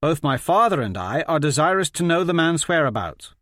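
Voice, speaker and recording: A man's voice: a little high, very animated, fairly quick, a bit bright, no echo, studio quality, pitched above the performer's own voice. A man voicing a stern young warrior prince who gives impatient commands. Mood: commanding.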